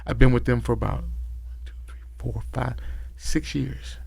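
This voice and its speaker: A man's voice: mid-range voice, fairly even intonation, normal speed, creaky, darkish tone, slightly rough, no echo. A man, a former bodyguard and podcast guest, telling loose, profane stories full of quoted dialogue. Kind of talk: casual storytelling. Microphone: podcast mic.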